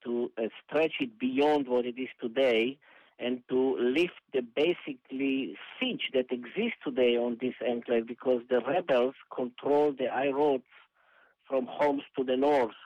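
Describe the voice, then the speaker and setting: A male analyst, giving measured commentary in a news interview, pausing often with "uh". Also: medium pitch, fairly even intonation, no room sound. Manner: measured, hesitant with many uhs. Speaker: analyst guest. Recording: dull lo-fi phone-like line.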